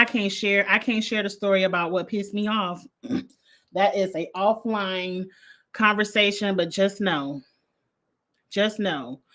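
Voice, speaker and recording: Woman, casual livestream review, blunt, animated, mid-pitched. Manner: blunt, animated, laughs often, uses slang. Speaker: reality show reviewer.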